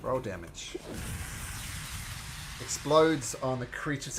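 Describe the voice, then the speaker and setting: A woman narrating and running a tabletop game as game master, animated and laughing often. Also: low voice, a little slow, pauses often.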